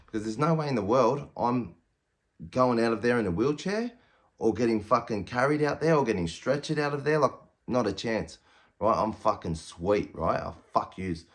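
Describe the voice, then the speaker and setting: Telling a prison story in a casual, blunt way, an Australian man in his thirties swears nonstop and loudly quotes himself and other people. His mid-range voice has lively intonation at a normal speed.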